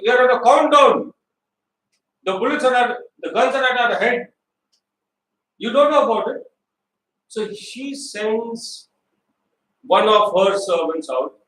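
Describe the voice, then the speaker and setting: A high-pitched man preaches from a distance in a roomy, echoing hall, with faint ambient noise behind him. He retells the story with lively storytelling, voices the characters himself and checks in with his listeners as he goes. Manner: storytelling, acts out quoted voices, asks the congregation questions. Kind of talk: animated sermon. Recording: echoey hall, recorded from far off.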